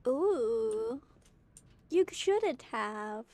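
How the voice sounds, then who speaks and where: A woman's voice: a little high, big pitch swings, drawn-out words, a little mellow, a little hiss or hum. A woman streaming a game in a playful, flirty way, chatting to her viewers. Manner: playful, flirty, talks to chat.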